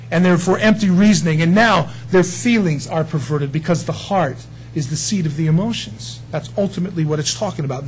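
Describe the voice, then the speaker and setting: Man, preacher, sermon, emphatic, folksy, questions to listeners, slightly high voice, faint hum behind. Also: poor audio.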